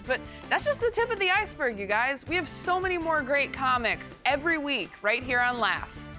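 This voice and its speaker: An upbeat woman host throws jokey links between acts. Her voice sits high, with clear music playing beneath it. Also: big pitch swings, moderate pace, few pauses. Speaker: show host.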